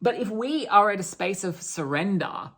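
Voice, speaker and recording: A woman's voice: medium pitch, expressive, moderate pace. A woman giving a channelled spiritual talk, earnest and restarting her sentences often.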